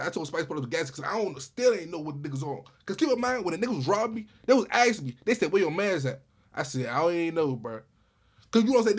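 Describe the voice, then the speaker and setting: A man with a high, husky voice tells a wild story from his own life. He talks fast and casually, stumbling over repeated starts as he relives each moment. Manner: animated retelling with many repeated starts. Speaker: storyteller vlogger.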